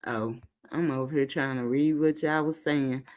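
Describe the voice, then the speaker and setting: A woman's voice: rumbling low, fairly even intonation, normal speed, darkish tone. A woman casually commenting on a livestream, reading messages aloud in a drawl and greeting her viewers by name. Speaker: channel host reading screenshots to live viewers.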